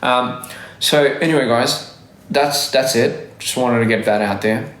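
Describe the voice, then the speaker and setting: An Australian livestreamer, his accent softened by years abroad, chats loosely while reading comments on a live stream. His medium-pitched voice is a little slow and a bit bright, rambling and self-correcting with frequent laughs, and his phone mic picks up roomy echo.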